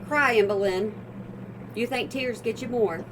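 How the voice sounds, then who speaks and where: A woman's voice: on the high side, a little slow, noisy background. A woman hosting a reaction channel, talking back to a clip in a blunt, exasperated way. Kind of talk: reaction commentary.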